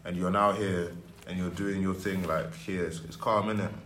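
Young english guy, lowish voice, jokey and slangy, roomy echo around him. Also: fairly even intonation, normal speed, a bit bright, a little hiss or hum. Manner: joking, laughing, slangy. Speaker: podcast co-host. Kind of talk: casual group chat. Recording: echoey room.

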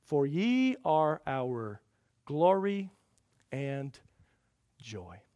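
A man preaching a sermon in a fairly high voice, recorded dry and close with little room sound. He swings from loud, emphatic peaks down to quiet, low passages, firing rhetorical questions at the congregation. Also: very animated, extremely slow, no room sound. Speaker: pastor.

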